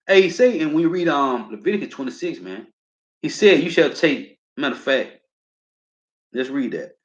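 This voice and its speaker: A man teaching from scripture in a preaching style, reading verses slowly and with emphasis and tagging his lines with a casual filler. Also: mid-range voice, very animated. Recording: roomy, dull lo-fi sound.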